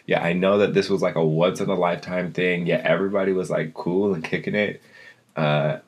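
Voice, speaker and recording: A man's voice: low-pitched, fairly even intonation, brisk. A man chatting casually as a podcast co-host, rambling through a story with lots of fillers. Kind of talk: casual chat.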